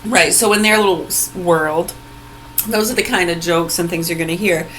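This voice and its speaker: A woman with a lowish voice rants into her phone, angry and sarcastic, swearing freely and mocking people as she goes. A faint hum sits behind her. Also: steady tone, moderate pace, fairly bright tone, poor audio. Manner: mocking, with bursts of laughter. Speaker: vlogger. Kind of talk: ranting vlog monologue. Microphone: phone video recording.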